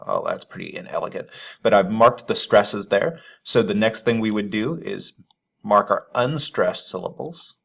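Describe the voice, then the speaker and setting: Male literature teacher, deep gravelly voice, informal lecture, thinks out loud. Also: very animated, normal speed. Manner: thinking aloud, loose and conversational.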